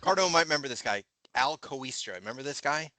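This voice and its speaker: A man's voice: mid-range voice, animated, quick pace, over a noisy crowd. A man co-hosting a casual sports podcast, speaking bluntly, swearing freely and poking fun at himself. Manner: blunt, profane, self-deprecating. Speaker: podcast co-host. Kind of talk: casual chat.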